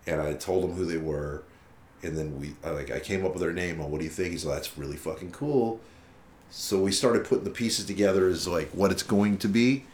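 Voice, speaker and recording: In a reverberant recording with a little hiss or hum, a low-voiced musician talks fairly quickly through a long tale during a casual interview. His retelling is profane and lively, packed with quoted dialogue.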